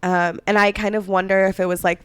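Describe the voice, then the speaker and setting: Casting note: woman podcast co-host, hoarse and fading, smooth but dry close-mic sound, chatty and indignant. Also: mid-range voice, level tone, fairly quick, fairly bright tone, dry recording. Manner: chatty, many "like" fillers, indignant asides. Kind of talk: casual chat, telling history.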